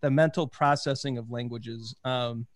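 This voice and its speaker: A man's voice: medium pitch, fairly even intonation, normal speed, dry recording, clean studio sound. A man hosting a podcast interview, enthusiastic and rambling, restarting his sentences as he thinks aloud. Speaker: podcast host. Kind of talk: casual interview.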